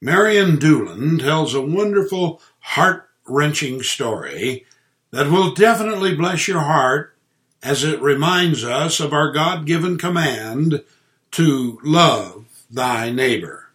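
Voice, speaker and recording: A man narrating an inspirational story in a gentle, measured reading voice. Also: on the high side, animated.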